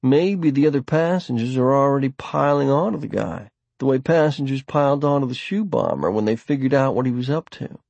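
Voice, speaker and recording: A man's voice: medium pitch, fairly quick, vocal fry, hardly any pauses, a little mellow, no room sound, pitched above the performer's own voice. A man reading an audiobook, voicing a frightened woman passenger crying out in alarm. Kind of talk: audiobook character voice.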